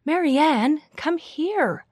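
A woman voicing a young pioneer girl who is emotional and anxious, speaking in a high, pleading way. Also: slow pace, dry recording, studio quality. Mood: distressed.

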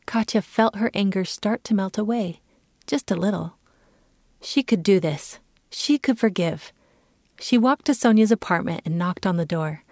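A woman giving a calm, clear reading as the narrator of a children's story. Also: medium pitch, moderate pace, dry recording, studio quality.

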